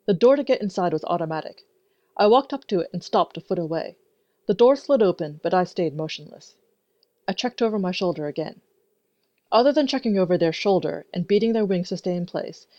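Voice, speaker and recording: A woman narrating a first-person story in an even, measured way. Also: on the low side, dry recording. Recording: dry, dull lo-fi recording.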